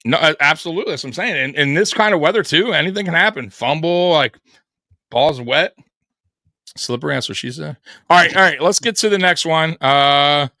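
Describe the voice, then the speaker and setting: Excitable, profane man, bright voice. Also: a little high, dry recording, clean studio sound. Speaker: co-host of sports show. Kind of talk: casual live sports chat.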